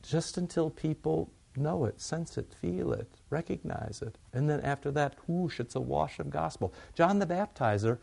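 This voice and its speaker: A man's voice: a little high, expressive, normal speed, gravelly, hardly any pauses, darkish tone, husky. A man preaching a sermon in a conversational way, often asking questions and answering them himself.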